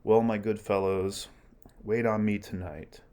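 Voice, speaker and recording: A man reading aloud the lines of an aging Roman general in measured Shakespeare verse, during a lecture. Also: on the low side, fairly even intonation, warm tone, close to an everyday voice. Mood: solemn. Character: male Roman general, aging, grandly mournful.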